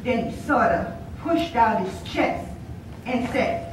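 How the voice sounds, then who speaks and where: A woman's voice: fairly high pitch, animated, slow pace, slight background noise. A woman performing a theatrical monologue, telling a story with voiced quotes from a stage, recorded from a distant camera. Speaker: student performer. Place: stage or hall, recorded from far off. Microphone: distant camera mic. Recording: very echoey hall from far off.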